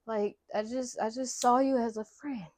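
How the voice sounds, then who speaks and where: A woman voicing a captive young man, pleading softly in a lowered voice. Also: steady tone, moderate pace, lightly acted. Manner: soft, low, pleading. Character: desperate young man held captive, begging.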